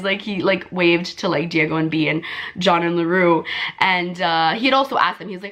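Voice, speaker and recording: A young woman vlogger telling a story in casual, filler-heavy chat, her voice jumping high when she relives excitement. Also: a little fast. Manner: chatty, full of "like" and "um" fillers.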